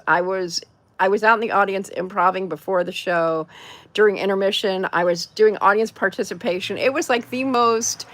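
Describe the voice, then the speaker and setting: Woman, middle-aged, from California, chatty livestream host, laughs often, mid-pitched voice, dry close sound. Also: fairly bright tone, dry recording. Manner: chatty, laughs often, greets and reads out viewer comments. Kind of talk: casual livestream chat.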